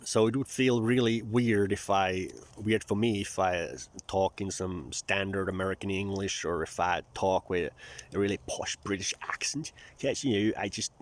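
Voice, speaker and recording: Finnish man, Finnish native, Southern twang English, lowish voice, wry digressive vlog chatter. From Finland. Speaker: vlogger. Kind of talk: rambling casual monologue. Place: outdoors near marshland.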